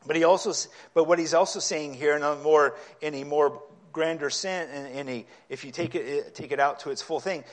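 Male preacher with a higher-pitched voice; an expository sermon that swells into near-yelling. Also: fairly even intonation, normal speed, few pauses. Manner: impassioned, rising to yelling at times; reads scripture aloud and explains it.

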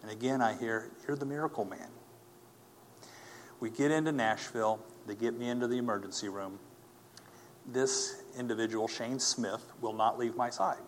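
A man telling a personal faith testimony as a story, earnest and animated, acting out the people he quotes. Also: mid-range voice, normal speed, slight background noise. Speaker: speaker giving a personal testimony.

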